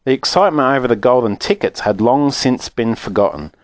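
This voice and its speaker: A man narrating a children's book aloud in an expressive, animated way. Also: medium pitch, fairly quick, dry recording, studio quality. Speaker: audiobook narrator. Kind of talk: storybook narration.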